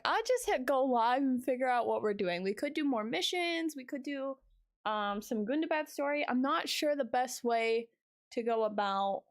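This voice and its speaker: A woman's voice: a little high, creaky. A young woman streaming a game, chatting casually, tired, talking to her chat and her cat.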